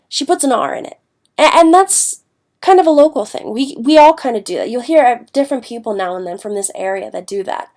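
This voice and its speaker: A woman teacher lectures in a chatty, informal way, pausing on fillers and correcting herself mid-sentence. Her nose sounds stuffed up and she sniffles now and then. Her voice sits a little higher than most women's. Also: animated, a little mellow. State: congested, sniffling from allergies. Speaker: English teacher. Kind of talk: recorded classroom lecture.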